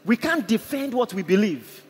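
Man, Nigerian accent, passionate sermon, high voice, reverberant church hall. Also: big pitch swings, moderate pace, slightly rough, soft background music. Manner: impassioned, storytelling preaching. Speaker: preacher. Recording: echoey hall, faint ambience.

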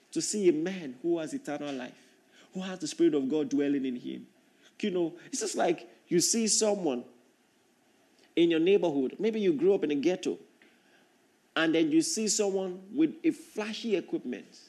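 Preacher, male, from Africa, high voice, emphatic, repeats lines for weight. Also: darkish tone. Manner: emphatic, repeats key phrases for stress. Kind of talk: sermon.

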